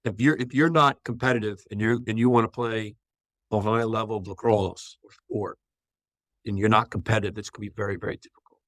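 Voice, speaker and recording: Flat-toned matter-of-fact man. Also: on the low side, a little fast, no room sound. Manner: steady, matter-of-fact explanations. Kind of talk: casual podcast chat.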